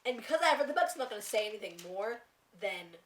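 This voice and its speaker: Young woman vlogger, high bright voice, gushy and giggly, casual fan chatter. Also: quick pace, reverberant. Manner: excited, gushing, laughs a lot. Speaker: TV review vlogger. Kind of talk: casual chat.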